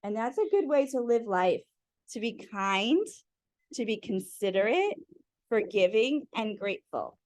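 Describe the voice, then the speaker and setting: Woman storyteller, high voice, dry close sound, talks straight to children. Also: animated, a little slow, darkish tone, no echo. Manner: friendly, addressing kids directly. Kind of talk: reading picture books aloud to children.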